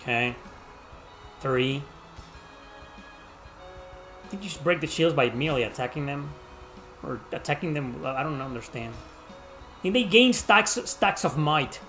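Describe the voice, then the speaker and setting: A man's voice: fairly high pitch, animated, a little slow, pauses often, a bit bright, faint music behind. A man from Mexico with a Mexican accent streaming a game live, chatting casually and teasing the characters on screen. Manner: casual, joking, teases the game's characters. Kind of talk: live gameplay commentary.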